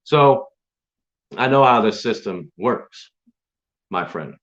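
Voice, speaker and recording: A man's voice: lowish voice, lively intonation, slow pace, fairly bright tone. A man hosting his own stream, delivering an angry, profane, confrontational rant straight at his critics. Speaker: online stream host. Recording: dull lo-fi sound.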